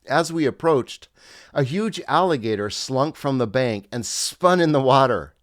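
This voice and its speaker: A man's voice: medium pitch, expressive, moderate pace, no echo, studio quality. A middle-aged man, a former pastor, narrating his memoir in a wry, reflective storytelling manner.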